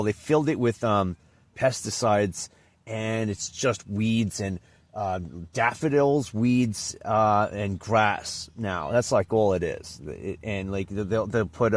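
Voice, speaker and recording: A man telling a personal anecdote in a casual, rambling way, often restarting and trailing off. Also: fairly low pitch. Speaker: vlogger.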